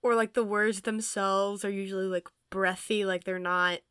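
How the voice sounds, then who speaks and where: Young woman podcast cohost, chatty, lots of likes and giggles, mid pitch, dead dry sound. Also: steady tone, moderate pace, a bit bright, smooth, no room sound. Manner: chatty, laughs often, uses many fillers. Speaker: podcast co-host. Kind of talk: casual chat.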